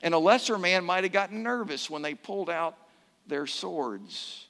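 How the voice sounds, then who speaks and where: A man preaching a sermon as pastor, leading a responsive scripture reading and joking with his congregation in an animated way. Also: high-pitched, normal speed, vocal fry, big-room sound.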